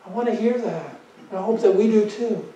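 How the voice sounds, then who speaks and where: A male pastor with a high yet mellow voice preaches with emphatic, repeated phrases and rhetorical questions. He sounds distant from the mic, in a very echoey church with dull, muffled sound. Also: brisk. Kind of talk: sermon.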